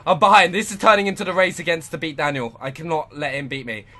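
A young man giving live gameplay commentary, muttering to himself one moment and shouting at the game the next. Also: on the high side, fairly even intonation, fast. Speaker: gaming channel host.

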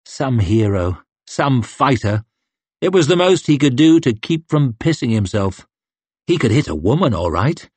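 A man's voice: fairly low pitch, slightly rough, no room sound. A man narrating an audiobook in a tense, dramatic reading style. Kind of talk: scripted narration.

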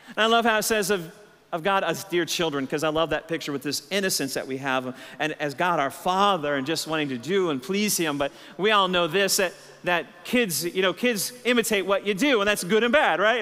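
A middle-aged man preaching a sermon as senior pastor, telling stories with lively rhetorical questions. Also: high voice, fairly quick. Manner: animated storytelling, rhetorical questions. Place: church sanctuary. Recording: church hall reverb.

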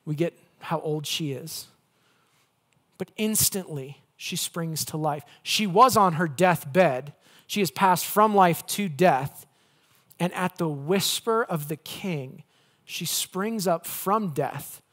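Pastor guy giving a sermon, kinda high-ish voice, chatty and jokey, goes loud then quiet. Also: takes it slowly. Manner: conversational, playful asides, swings from loud to hushed.

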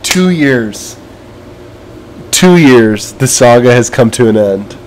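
A man giving gameplay commentary who is teary and overwhelmed, halting and trailing off as he talks. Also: medium pitch, animated, a little hiss or hum. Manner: emotional, halting, trails off and restarts. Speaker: gaming video creator.

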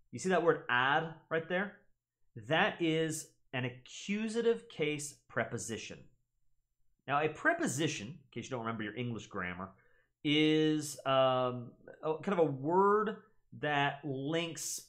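Young American male host, casual explainer, teacherly, expressive pitch, mid-range voice. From United States. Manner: teacherly, checks in with "right?". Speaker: gaming channel host.

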